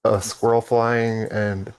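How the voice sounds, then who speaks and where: A man on a casual podcast panel speaks in a somewhat low voice. His talk is laid-back and rambling, full of ums and restarts. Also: flat delivery, slow, clear, resonant tone.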